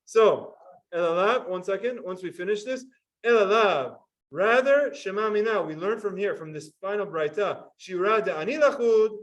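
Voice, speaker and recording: A man's voice: sits high, normal speed, recorded from a distance, poor audio. A man teaching a Talmud class, explaining step by step and asking his students questions.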